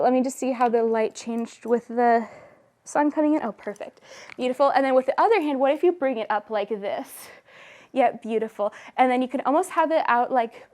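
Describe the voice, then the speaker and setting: A woman's voice: fairly high pitch, a little mellow. A young adult woman photographer in a studio, casually directing a model and gushing with repeated praise.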